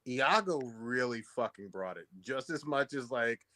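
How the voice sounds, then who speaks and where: Profane, excited man on a podcast. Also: mid-range voice, measured pace, no room sound. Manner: profane, enthusiastic, says "dude" often. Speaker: podcast co-host. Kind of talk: casual podcast chat.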